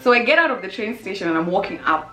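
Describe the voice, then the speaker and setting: Animated young woman telling a story. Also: very fast. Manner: animated, lively, swoops into high exclamations. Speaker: channel host. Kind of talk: casual storytelling to camera. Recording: roomy echo with faint music.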